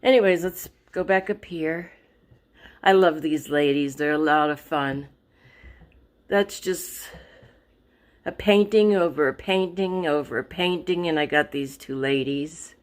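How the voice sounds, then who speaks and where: Speaking a little slowly in a low voice, a woman walks along a wall showing her paintings for a casual home vlog. She drifts as she talks, searching for words and correcting herself.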